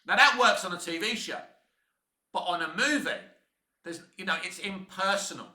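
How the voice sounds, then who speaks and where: Cockney bloke ranting on his channel, high sharp voice, echoey room, swears a lot. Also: moderate pace. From England. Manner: blunt, heated, swears freely. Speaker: YouTube film commentator. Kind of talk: opinionated commentary rant.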